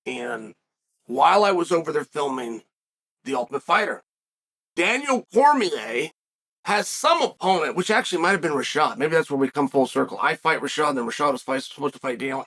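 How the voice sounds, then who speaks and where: A man hosts a fight-sports show in a loose, storytelling way. His voice sits high and swings widely in pitch. He repeats phrases for emphasis and breaks off mid-story to give his son directions off camera. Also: sing-song, moderate pace, pushed and bright, husky. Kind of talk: casual commentary and storytelling.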